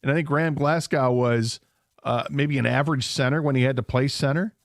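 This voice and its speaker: A man co-hosting sports talk radio, breaking down football in a measured, analytical way. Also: medium pitch, steady tone, no room sound, clean studio sound. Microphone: studio microphone.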